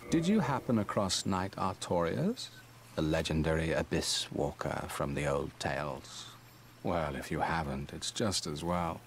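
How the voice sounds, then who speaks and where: A man's voice: very deep voice, expressive, a little slow, gravelly, soft background music, heavily acted. An actor playing a sardonic, mysterious male merchant in a video game, with a dry, mocking, knowing delivery. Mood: wry.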